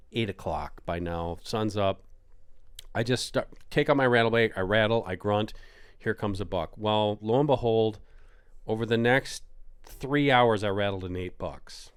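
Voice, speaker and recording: A middle-aged man telling a hunting story on a podcast in casual chat, acting out quotes with sudden jumps in pitch. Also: smooth. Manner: animated, acts out quotes with big pitch jumps.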